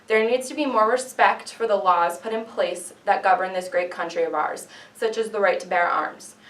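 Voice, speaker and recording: A woman's voice: medium pitch, normal speed, a bit bright. A young woman delivers a persuasive class speech in an earnest, declamatory way, asking rhetorical questions. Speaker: student giving a class speech. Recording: echoey classroom from far off.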